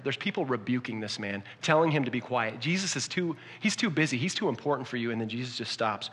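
A man preaching a sermon, swinging between hushed, intimate lines and rising, emphatic passages. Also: mid-range voice, fast. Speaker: pastor. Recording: long hall reverb.

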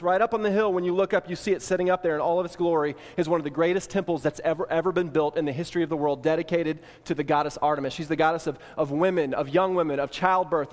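A man preaching a sermon, retelling an ancient scene in the second person and shifting between hushed and emphatic delivery. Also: fairly high pitch. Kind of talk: sermon storytelling. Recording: long hall reverb.

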